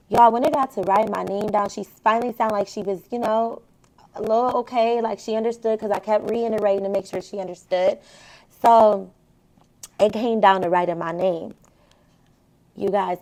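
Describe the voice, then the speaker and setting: Black vlogger lady, super chatty, keeps saying you guys, telling viewers about a rough work call. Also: medium pitch. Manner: chatty, animated, addresses viewers directly. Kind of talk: casual storytelling vlog.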